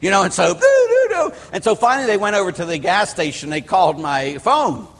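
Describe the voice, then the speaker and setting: A middle-aged priest from Pittsburgh preaches a sermon, wandering into personal stories with frequent restarts and asides. His voice sits a little high for a man and has a husky edge. The sound carries a long reverb, as in a church hall. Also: expressive, quick pace, a bit bright. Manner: rambling storyteller, restarts and asides. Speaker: Catholic priest.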